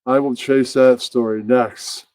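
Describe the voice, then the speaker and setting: A man runs a puppet show stream, rambling and muttering as he sets up each bit. He talks very slowly in a middling voice. The sound is dry and close. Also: medium pitch, fairly even intonation, darkish tone, dry recording. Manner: rambling, mutters and chuckles to himself. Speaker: host.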